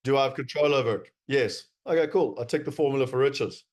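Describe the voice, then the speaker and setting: Pitching to investors, this South African-accented man talks quickly in a medium, darkish-toned voice. His delivery is wry and emphatic, with plenty of filler words.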